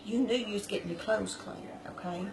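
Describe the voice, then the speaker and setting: A woman telling a story in a folksy, chatty, animated way to her viewers. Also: mid-range voice, brisk, vocal fry, background noise. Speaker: vlogger. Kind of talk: casual storytelling.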